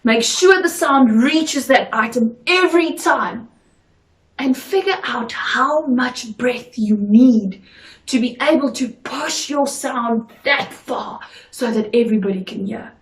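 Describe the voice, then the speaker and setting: A woman gives a drama lesson in a slow, deliberate and instructive way. Her voice sits a little high and she speaks unhurriedly. The recording sounds roomy, as if the mic is some distance away. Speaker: drama teacher.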